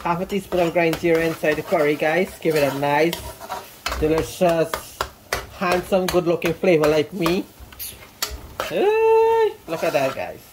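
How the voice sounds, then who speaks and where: A man with a high voice for a man talks to his viewers in a relaxed, chatty way while he cooks. He sounds set back from the mic in a roomy home kitchen, with faint frying sizzle behind him. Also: recorded from a distance, background noise. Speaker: cooking vlogger. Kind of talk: casual cooking demonstration.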